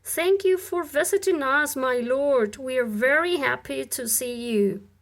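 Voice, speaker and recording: A woman voicing a scheming, ambitious noblewoman who talks insistently, at times dropping to a hush. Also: high voice, measured pace, voice pushed up. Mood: gracious.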